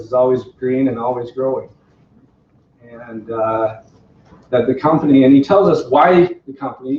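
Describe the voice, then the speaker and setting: A man's voice: medium pitch, slight background noise. A man casually telling a personal story to a small group at home, chatty and self-deprecating, often quoting others and laughing. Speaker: company representative telling his story. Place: living room in a home. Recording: roomy, distant, dull home video.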